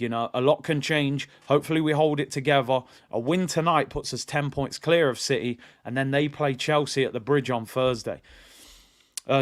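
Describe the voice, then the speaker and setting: A man hosting a live football fan watch-along, chatting in an opinionated way with lots of fillers and repeats while reading out viewer comments. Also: medium pitch. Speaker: football fan channel host.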